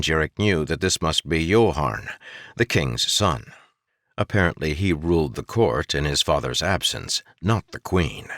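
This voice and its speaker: A man reads a fantasy audiobook in a very low voice. His delivery moves expressively up and down as he tells the story. The studio sound is close and dry. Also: fairly bright tone, no room sound. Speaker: audiobook narrator. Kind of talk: scripted fantasy audiobook narration.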